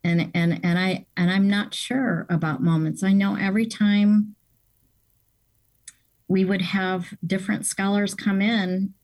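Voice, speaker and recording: A woman's voice: medium pitch, level tone, measured pace, a little mellow, dry recording. A woman guest in a casual interview, speaking in an earnest, enthusiastic way. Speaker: guest, seminary staff member.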